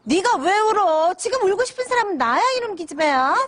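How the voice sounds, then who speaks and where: An actress playing an exasperated woman who scolds a crying girl in a TV drama, shrill and sobbing as she snaps. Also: sing-song, rapid-fire, no echo, clean studio sound. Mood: exasperated scolding. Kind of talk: Korean TV drama acting. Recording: drama clip with clear background noise.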